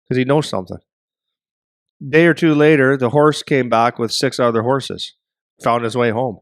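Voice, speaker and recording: A middle-aged man co-hosting a hockey podcast, telling a story in a rambling, animated way and acting out voices. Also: mid-range voice, a little fast, no echo, clean studio sound. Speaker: podcast co-host and hockey parent.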